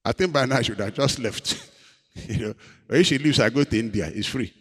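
A man, a pastor preaching a sermon in a dramatic storytelling way, moving between loud emphasis and hushed confession. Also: mid-range voice, a little fast, breathy edge. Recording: long hall reverb.

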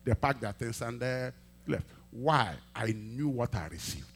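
Animated male pastor preaching. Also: mid-range voice, a little slow, creaky, slight background noise. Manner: animated preaching, swinging from quiet asides to loud emphatic peaks; acts out quoted dialogue in storytelling. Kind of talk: sermon with testimony storytelling.

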